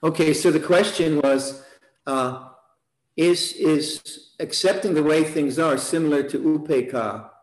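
A man's voice: on the high side, unhurried. Echoey, chuckling man giving a meditation talk. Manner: relaxed, chuckles often, repeats words as he thinks. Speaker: meditation teacher. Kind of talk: dharma talk. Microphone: online session.

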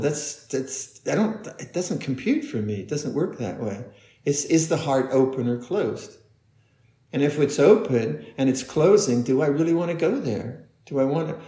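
A male meditation teacher gives a dharma talk at a middle pitch. He speaks haltingly, restarts often and laughs softly. The room is echoey. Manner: halting, repeats words, soft laughs. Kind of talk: dharma talk answering questions.

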